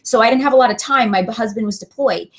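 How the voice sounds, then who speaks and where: A woman's voice: on the high side, quick pace. Chatty woman coaching her sales team. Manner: chatty, earnest, many fillers and restarts. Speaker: direct sales team leader.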